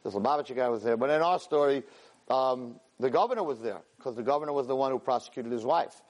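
A man teaching a weekly class, telling a story with lively energy, stumbling over and repeating words and acting out the characters' lines. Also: mid-range voice, fast, lo-fi sound. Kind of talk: animated storytelling lesson.

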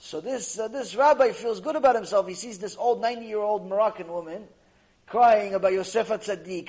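A man's voice: high-pitched, a little fast, low-quality recording. A man giving a Torah lecture as a rabbi, telling stories animatedly, often repeating himself. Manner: animated, repetitive, acts out the people in his stories.

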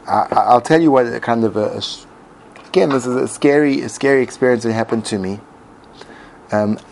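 A man's voice: medium pitch, darkish tone, rough recording. A man giving a reflective talk as host, musing aloud with frequent restarts. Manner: musing, many restarts and fillers. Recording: faint background noise.

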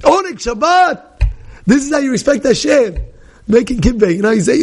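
A man teaching as a rabbi in a lively Torah class, repeating his points and acting out the people in his stories. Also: extremely high pitch, a little fast, husky. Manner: animated, repeats phrases, acts out quoted people.

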